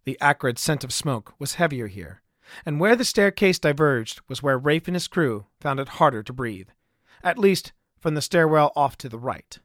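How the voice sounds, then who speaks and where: A man's voice: a little high, animated, normal speed, fairly bright tone, no room sound. Man narrating an adventure story, dry and close. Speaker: author and narrator. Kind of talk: scripted audiobook narration.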